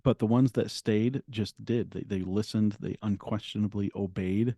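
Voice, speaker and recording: A middle-aged man, a guest author, telling his story in an interview in an earnest, halting way with frequent restarts. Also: on the low side, fairly even intonation, warm tone, no echo, studio quality.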